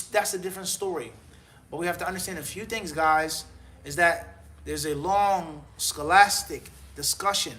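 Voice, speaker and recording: A man's voice: high-pitched, pushed and bright. A man answering live questions as a mufti, firm and exhorting, counting off points and joking about himself.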